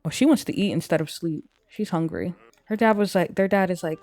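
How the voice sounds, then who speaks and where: A woman's voice: lowish voice, brisk, a little mellow, faint music behind. A young woman casually commenting on her gameplay, chatting along and voicing her characters' thoughts. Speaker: gameplay streamer. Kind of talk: casual let's-play commentary.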